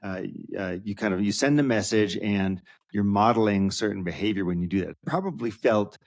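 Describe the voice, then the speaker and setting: A man hosts an interview podcast with a fairly low voice. He reflects back on his guest's points in an affirming, thoughtful way. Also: fairly quick, darkish tone. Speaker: podcast host.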